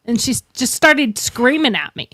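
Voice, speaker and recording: A woman's voice: high-pitched, big pitch swings, normal speed, fairly bright tone, dry recording. A woman telling stories in a blunt way as she chats with friends, swearing freely. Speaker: podcast host. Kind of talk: casual chat.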